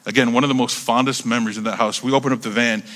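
A man in his thirties preaching, telling a story in an animated, conversational way, repeating words as he builds up. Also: medium pitch, racing. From United States. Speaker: pastor. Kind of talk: sermon storytelling.

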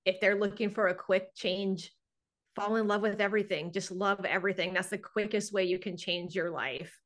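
A woman hosts a podcast in a calm, reflective way, sounding like a coach giving advice. Her voice sits at an ordinary middle pitch. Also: normal speed. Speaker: podcast host. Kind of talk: casual podcast conversation.

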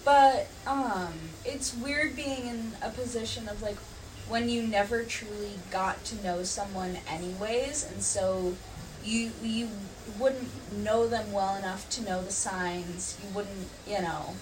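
A young woman, a podcast guest, telling stories in a casual, animated way with many "um"s and "like"s. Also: medium pitch, slow. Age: young adult. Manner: animated storytelling, filler "um" and "like". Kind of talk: casual chat. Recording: distant mic, faint background noise.

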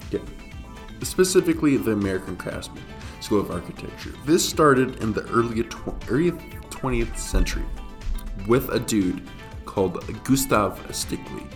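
A man's voice: mid-range voice, lively intonation, normal speed, soft background music. A young man co-hosting a podcast, joking and laughing as he explains a topic in casual chat. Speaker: podcast co-host.

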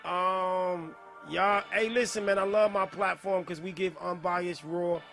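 High, bright-voiced man hosting between laughs. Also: fairly even intonation, a little slow, creaky, soft background music. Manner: laughs constantly, breaks into shouts, repeats "hey, yo". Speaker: podcast host reviewing music. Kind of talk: casual live-stream commentary.

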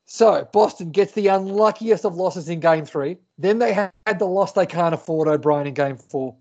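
A man with a notably high voice co-hosts a casual sports chat, animated and full of excitable build-ups. The audio comes through muffled and lo-fi. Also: normal speed. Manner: enthusiastic, builds up to a question with dramatic lead-ins. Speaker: podcast co-host.

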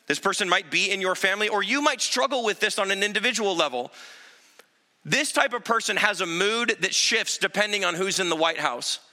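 A man preaching a sermon as pastor, conversational, dropping low and quiet to land his points. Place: church sanctuary. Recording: reverberant hall.

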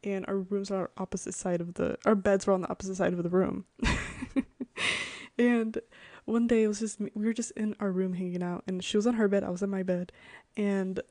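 A woman's voice: mid-range voice, fairly even intonation, fairly quick, mellow, no echo. A young woman from Connecticut, hosting a podcast and rambling through childhood stories with lots of "like" and giggles. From Connecticut, USA. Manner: chatty, rambling, full of "like" fillers and giggles. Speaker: podcast host. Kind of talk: casual storytelling.

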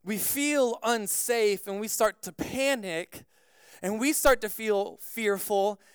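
A man preaching a sermon as pastor, telling a personal story in an animated way with frequent "like" fillers. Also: high-pitched, takes it slowly, clean tone, no echo, clean studio sound.

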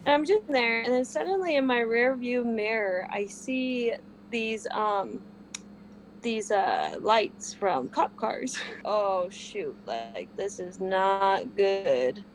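A woman's voice: medium pitch, big pitch swings, takes it slowly, slight background noise, rough recording. A woman guest casually telling a personal story with lots of "like" fillers.

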